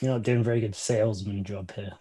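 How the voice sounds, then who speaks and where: A man's voice: on the low side, steady tone, fast talker, crowd noise. A man playing a tabletop game, chatting and joking casually. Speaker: player.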